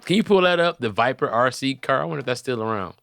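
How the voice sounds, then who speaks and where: A young man hosting a comedy podcast, telling animated stories and cussing freely in casual chat. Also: mid-range voice, quick pace, creaky, dry recording. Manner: animated storytelling, swears freely. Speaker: podcast host.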